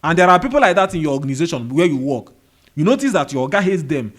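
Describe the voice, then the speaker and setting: A man's voice: on the high side, big pitch swings, fast, fairly bright tone. A man with a Nigerian accent giving a motivational monologue, firing rhetorical questions and repeating key phrases. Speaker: motivational video host. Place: indoor room with a fan running.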